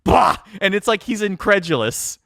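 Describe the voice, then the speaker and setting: An animated man, a wrestling announcer, tells stories on a podcast and keeps laughing and piling on fillers. His voice sits at a middle pitch. The sound is dry and close. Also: moderate pace, no echo. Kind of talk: casual storytelling chat.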